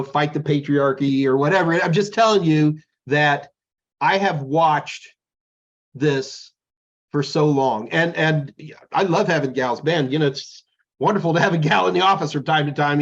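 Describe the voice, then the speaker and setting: A man's voice: on the high side, moderate pace, highs cut off. A middle-aged man co-hosting a casual chat, rambling and joking as he tells stories. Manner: rambling, jokey, animated storytelling. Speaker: podcast co-host.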